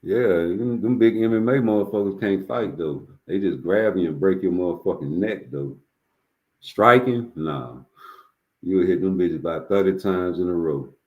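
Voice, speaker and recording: A man with a fairly low voice hosts a casual livestream. He talks in a loose, rambling, profane street style, telling stories off the cuff. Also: moderate pace, narrow, tinny audio. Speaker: livestream host.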